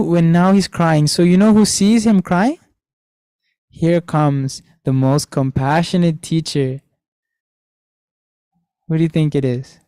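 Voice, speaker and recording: A man's voice: on the high side, dark tone, no echo, low-quality recording. A young man teaching children an online class, telling a story and asking them questions, repeating the key lines. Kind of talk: storytelling lesson to kids.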